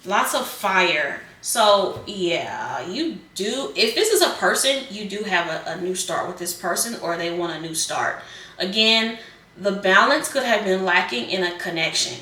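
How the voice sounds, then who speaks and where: A woman's voice: mid-range voice, expressive, a little slow, pushed and bright, echoey room, recorded from a distance. A woman giving a casual tarot reading, chatty and rambling, with many fillers and repeated phrases. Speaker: tarot reader.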